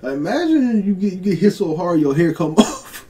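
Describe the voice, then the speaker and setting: A young man giving casual reaction commentary as a video host, excitable, laughing often and stumbling over his words. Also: high voice, moderate pace.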